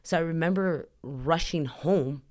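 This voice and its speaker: Unhurried and low, with a darkish tone, a Southern California woman shares a personal story as a podcast guest. Her telling rambles, leans constantly on "like," and carries earnest emotion.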